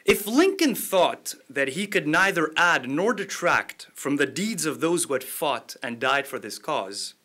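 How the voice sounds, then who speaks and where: A man's voice: a little high, sharp tone. A man with a slight accent hosting a formal lecture event, reading a famous speech aloud with oratorical emphasis. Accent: slight non-native accent, from Montreal area. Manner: oratorical, rising emphasis on key phrases. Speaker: event host, think tank director. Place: lecture hall.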